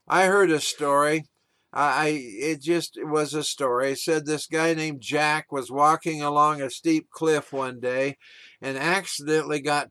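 A man preaching a sermon, earnest and steady, telling stories to make his point. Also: on the high side, no room sound.

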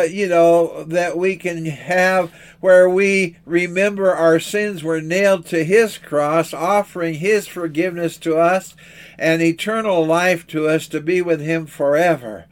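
Earnest preacher man, slightly high voice. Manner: earnest, measured, rhetorical questions. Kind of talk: sermon.

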